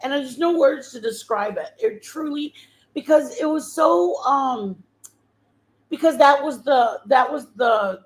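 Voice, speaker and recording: A woman's voice: high-pitched, measured pace, low-quality recording. Rambling, heartfelt woman telling a story. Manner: rambling, full of fillers and restarts. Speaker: channel host sharing a testimony. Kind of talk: emotional personal storytelling.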